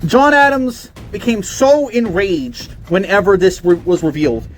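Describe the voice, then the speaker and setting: A young man telling a satirical mock-conspiracy story in a mock-serious, ranting way, swinging from loud outbursts to hushed asides. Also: high voice, unhurried. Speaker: comedy video narrator.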